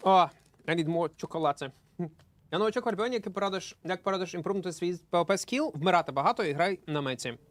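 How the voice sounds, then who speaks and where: A man streaming a game with a high, light voice. He talks casually with his viewers in a chatty, excitable way. He trips over his words and repeats himself as he plays. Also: quick pace. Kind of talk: live gameplay commentary chatting with viewers.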